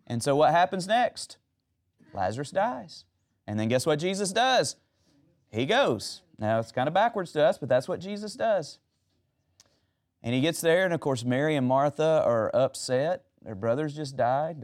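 A man's voice: fairly high pitch, big pitch swings, normal speed. A man preaching a sermon, retelling Bible stories and asking the audience questions.

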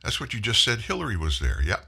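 A man's voice: fairly low pitch, huge pitch swings, quick pace, gravelly, sharp tone, husky. A man hosting a political commentary show, delivering an opinionated monologue with mocking, folksy asides.

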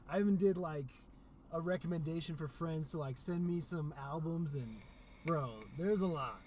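A man's voice: on the high side, moderate pace, darkish tone, a little hiss or hum. A man co-hosting a casual podcast chat, easygoing and slangy. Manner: easygoing, says "bro" and "man". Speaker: podcast co-host, musician. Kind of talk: casual chat among friends.

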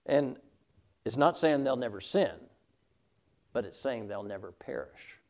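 A man's voice: mid-range voice, lively intonation, measured pace, darkish tone. A middle-aged man teaching a Sunday school class, emphatic and often checking in with "all right?".

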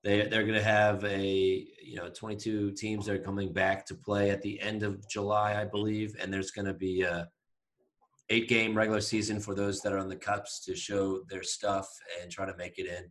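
A man's voice: fairly low pitch, flat delivery, normal speed, a bit bright, poor audio. A man co-hosting a casual podcast, giving an upbeat, rambling rundown of news. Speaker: podcast co-host. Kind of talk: casual chat.

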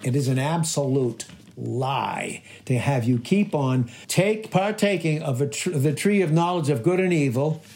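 A man's voice: a little high, animated, unhurried, creaky, a little mellow. A man preaching a sermon, emphatic and repetitive, firing off rhetorical questions to his listeners. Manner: repeats and stresses key phrases. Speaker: pastor.

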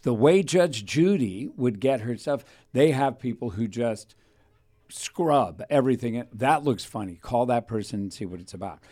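Male radio host, mid-pitched, rambling anecdotal storyteller. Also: animated, normal speed, dark tone. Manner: rambling anecdotal, acts out quoted voices. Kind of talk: casual storytelling chat.

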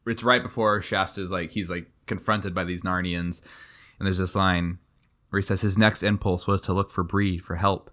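A man's voice: deep voice, steady tone, normal speed, a bit bright. A young man co-hosting a podcast, casually retelling a book's scenes and laughing easily as he goes. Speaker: podcast co-host. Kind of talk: casual book discussion.

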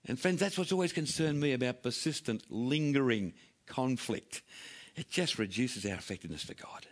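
A man's voice: mid-range voice, moderate pace. Man preaching with sweeping emphasis. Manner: animated, swinging from loud emphatic readings to quiet hushed asides. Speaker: pastor. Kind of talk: sermon.

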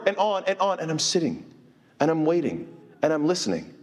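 Animated male teacher in an echoing hall. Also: a little high, brisk. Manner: animated, asks the audience rhetorical questions. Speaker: Islamic teacher. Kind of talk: informal religious lecture. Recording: long hall reverb.

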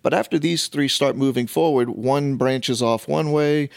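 A man's voice: mid-range voice, unhurried, gravelly, no room sound, studio quality. A man in casual conversation, explaining ideas through long illustrations with many fillers. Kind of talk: casual conversation about faith.

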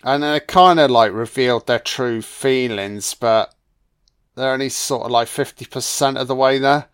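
A man giving a casual film commentary, excitable and heavily profane, full of slang and calling listeners man, son and baby. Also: mid-range voice, moderate pace, smooth.

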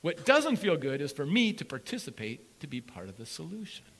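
Bright, lively male pastor preaching. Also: fairly high pitch, fairly quick, creaky, long reverb tail. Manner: energetic and playful, with repeated punch words. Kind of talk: sermon. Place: church sanctuary with congregation.

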